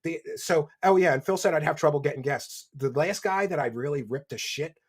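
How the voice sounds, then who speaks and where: A man with a Philadelphia accent hosts a livestream, reading out donations and mocking in loud bursts. His voice sits a little high and sounds husky. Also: brisk. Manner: mocking, loud bursts, reads chat aloud. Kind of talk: casual livestream commentary. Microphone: desk microphone.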